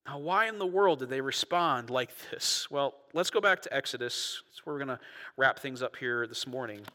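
A man preaching a sermon as a pastor, moving between quiet asides and loud, animated bursts. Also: medium pitch, moderate pace, in a large hall.

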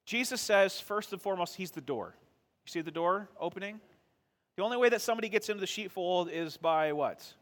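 A man's voice: sits high, fairly quick, fairly bright tone. A man pastor preaching a sermon in a conversational way, asking the congregation questions and answering them himself.

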